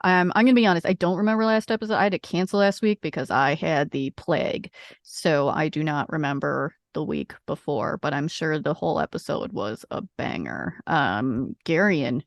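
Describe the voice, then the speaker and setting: Teasing woman with a lowish voice. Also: moderate pace, creaky, no echo. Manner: teasing, chatty, rambling. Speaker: player. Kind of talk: casual tabletop podcast chat.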